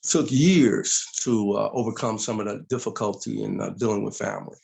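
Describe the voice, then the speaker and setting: A middle-aged man telling his story as an interview guest, animated and acting out voices in quotes. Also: on the low side, moderate pace, gravelly.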